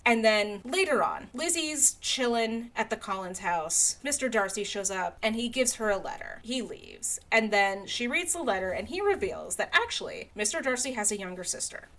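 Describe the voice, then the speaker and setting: A young adult woman co-hosting a podcast, chatty and animated, recapping a story with many "like"s. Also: medium pitch. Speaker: podcast co-host. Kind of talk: casual chat, story recap.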